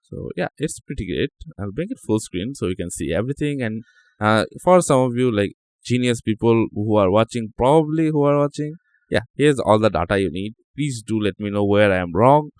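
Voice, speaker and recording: Playful man with a lively, low voice. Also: a little fast, dry recording, studio quality. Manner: joking, chatty, reacts aloud to the screen. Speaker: tech channel host. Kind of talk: casual screen-recording commentary.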